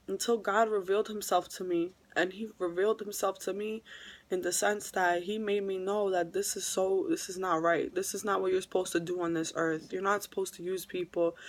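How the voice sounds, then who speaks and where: New woman, vlogger, heartfelt testimony delivery, repeats herself for weight. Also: mid-range voice. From New York. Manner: emotional, repeats phrases for emphasis. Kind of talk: earnest religious testimony vlog.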